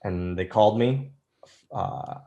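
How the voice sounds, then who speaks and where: A man's voice: lowish voice, takes it slowly, warm tone. A man in his thirties telling rambling, self-deprecating stories as an interview guest, with lots of restarts. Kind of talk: casual storytelling interview.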